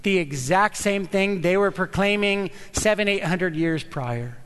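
High-voiced pastor preaching in a hall. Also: male voice, measured pace, few pauses, smooth. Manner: emphatic, animated preaching with repetition. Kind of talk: sermon.

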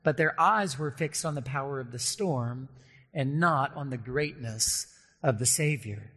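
A man's voice: medium pitch, fairly bright tone, husky. Earnest preacher man in a reverberant hall. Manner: earnest, slows down for emphasis, acts out quoted voices. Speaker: pastor. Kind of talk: sermon.

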